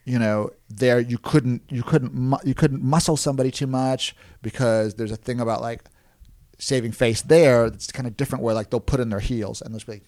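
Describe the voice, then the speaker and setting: A man at a middle pitch tells stories from the road in a loose, rambling way. He restarts his sentences often and laughs as he goes. When he quotes someone else's panic, his voice jumps up higher. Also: steady tone, brisk, a little mellow. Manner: acts out other people's panicked lines in a higher voice. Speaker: podcast guest, clown performer. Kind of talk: casual storytelling interview.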